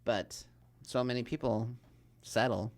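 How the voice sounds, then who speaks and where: A man co-hosting a podcast in relaxed, joking chat, thinking aloud as he goes. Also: medium pitch, a little slow. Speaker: podcast co-host. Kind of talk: casual chat.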